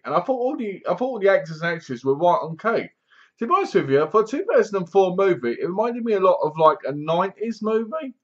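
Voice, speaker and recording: Rambling man reviewing a film. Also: on the high side. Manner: rambling, animated retelling with sound effects and asides. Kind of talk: casual spoken film review. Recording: dull lo-fi home recording.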